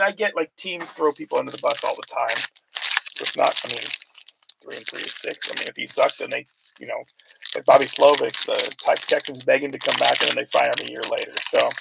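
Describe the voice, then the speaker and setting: A man's voice: mid-range voice, gravelly, heavy background noise. A man hosting a casual card break, calling out player names and rambling about football news with plenty of fillers. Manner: chatty, rambling sports talk with fillers.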